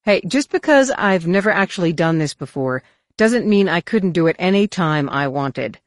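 A woman reading an audiobook plays a cocky male starship captain who bellows and grumbles. The voice comes out loud and blunt. It is recorded close and dry. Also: lowish voice, expressive, normal speed, no room sound, natural voice. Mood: gruff. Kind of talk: audiobook character voice.

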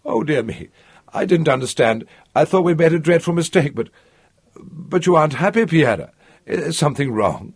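A man's voice: fairly high pitch, animated, slightly rough, voice pushed up. A man reading aloud voices a tender, fretful older woman who murmurs comfort and hesitates often. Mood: anxious. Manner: murmuring, soothing, halting.

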